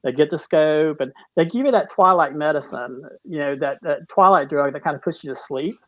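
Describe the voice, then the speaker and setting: A middle-aged man speaks in a fairly high voice, halting and restarting as he recounts something personal and heavy. The sound is dry and dull, like lo-fi call audio. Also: dry recording. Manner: halting, with many restarts, tearful at moments. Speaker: guest, cancer survivor. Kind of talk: emotional personal story in a talk-show interview.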